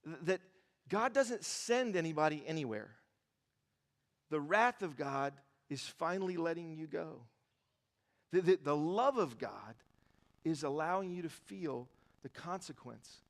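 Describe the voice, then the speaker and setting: A male pastor preaching a sermon in a church, lively and joking, repeating phrases for emphasis. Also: on the high side, creaky. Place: large church auditorium. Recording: reverberant church hall.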